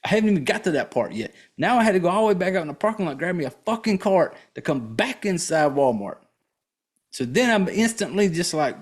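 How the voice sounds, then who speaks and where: Man, podcast host, profane animated rant, slightly higher voice. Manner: profane, animated, exasperated storytelling. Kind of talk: casual ranting monologue.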